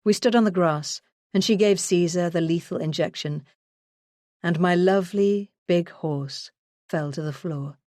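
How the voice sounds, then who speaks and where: Woman narrator for a first-person true crime audiobook: low voice, measured and earnest, close and dry. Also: dark tone, dry recording.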